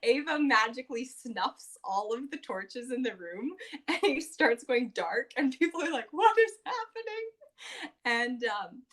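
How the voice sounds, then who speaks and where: A woman's voice: fairly high pitch, expressive, a little slow, fairly bright tone. A woman hosting a podcast, recapping a tabletop game session in a casual, chatty way with plenty of fillers and acted-out quotes. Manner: chatty, filler-heavy, often acts out quotes.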